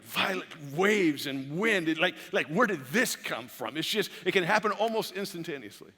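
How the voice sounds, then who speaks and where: High-pitched, animated preaching man. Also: long reverb tail. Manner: animated preaching with many repeated words and restarts. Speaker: pastor. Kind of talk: sermon. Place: church sanctuary.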